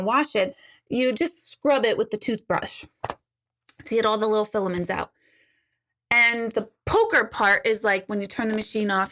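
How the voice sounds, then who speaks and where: Hosting an intuitive live chat, a woman talks casually with her stream viewers, telling stories, laughing often and reading their comments aloud. Her voice is mid-range with a fairly bright tone.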